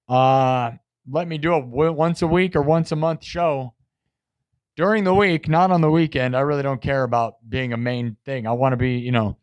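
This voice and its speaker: A man with a fairly high voice hosts a live music stream, casually responding to the chat with boasting and defensiveness. He's a musician, and the recording has no echo.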